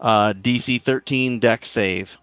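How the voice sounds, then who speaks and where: A man's voice: medium pitch, steady tone, takes it slowly, fairly bright tone, clean tone, no room sound, faint music behind. A man playing a tabletop game, describing his character's attacks and explaining spell rules with frequent ums. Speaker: player.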